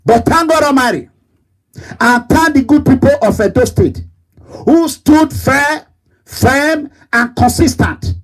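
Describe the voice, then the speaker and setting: A man's voice: very high voice, expressive, takes it slowly, poor audio. A man with a Nigerian accent delivering a fiery, repetitive political rant as an online commentator.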